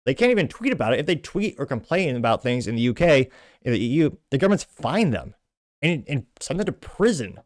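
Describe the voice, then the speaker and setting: A man hosting his own show, reading social media posts aloud and commenting on them in a rapid, emphatic, scornful way. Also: mid-range voice, very animated, dry recording. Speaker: show host.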